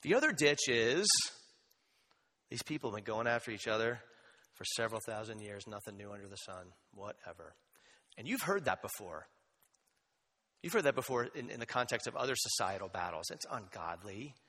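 A man preaching a sermon as pastor, conversational and animated, with asides and humor. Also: lowish voice, brisk, long pauses. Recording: long hall reverb.

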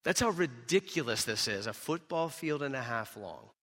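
Bright, emphatic male preacher. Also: medium pitch, normal speed, long reverb tail. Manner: animated, emphatic storytelling with rhetorical questions. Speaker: pastor. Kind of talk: sermon.

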